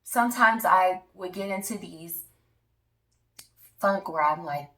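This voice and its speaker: A woman's voice: fairly low pitch, takes it slowly, long pauses, sharp tone, reverberant, distant mic, poor audio. A woman in her thirties telling an earnest personal testimony to her viewers, speaking emphatically and addressing them directly. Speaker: vlogger.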